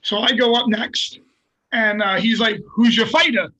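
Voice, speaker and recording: An older man, a fighter, telling a story in casual, profane, animated bursts and laughing along the way. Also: high-pitched, normal speed, low-quality recording. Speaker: guest fighter.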